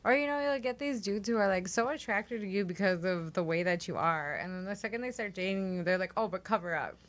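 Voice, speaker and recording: A woman's voice: medium pitch, quick pace. A woman guest in casual podcast chat, frank and sarcastic.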